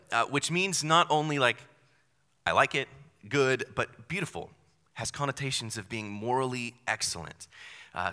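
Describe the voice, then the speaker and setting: A young man preaches with a very bright, forceful voice and an easy, conversational manner. He slips in self-deprecating asides as he works through the text. The sound carries a long reverb, as in a large hall. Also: medium pitch. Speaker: pastor. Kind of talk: sermon.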